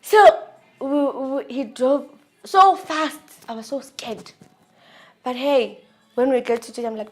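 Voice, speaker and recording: A woman with a South African accent vlogs a personal story, speaking candidly in an animated, slangy way. Her voice sits a little high and her pace is unhurried.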